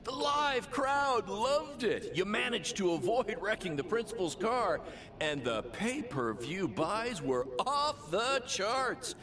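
An upbeat video-game wrestling manager, a scheming showman with a slightly high, lively voice that swings up and down as he pitches his next big plan. He sounds brisk and salesy, cracking jokes. Loud crowd noise from the game's arena audio sits clearly behind him. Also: exaggerated voice.

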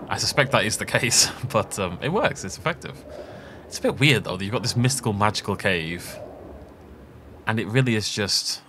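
Chatty gaming host with a lively voice. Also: male voice, on the low side, fast, noisy background. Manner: chatty, jokey, rambling asides, laughs often. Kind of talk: casual let's play commentary. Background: game music.

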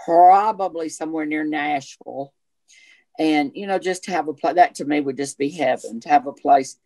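A man's voice: a little high, moderate pace. Chatty Southern man in an interview. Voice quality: self-described gay voice. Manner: chatty, animated storytelling. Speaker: actor guest. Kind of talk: casual interview chat.

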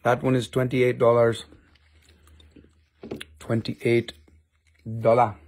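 A man's voice: medium pitch, completely flat delivery, takes it slowly, darkish tone, slight background noise. A man hosting a casual live-stream sale of rocks and minerals, chatty and jokey, with offhand swearing.

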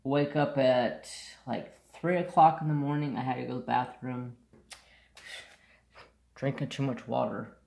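A man's voice: mid-range voice, fairly even intonation, measured pace, vocal fry, long pauses, a little mellow, reverberant. A man chatting casually to camera, telling a rambling story and sidetracking often, with blunt, offhand asides. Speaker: craft vlogger.

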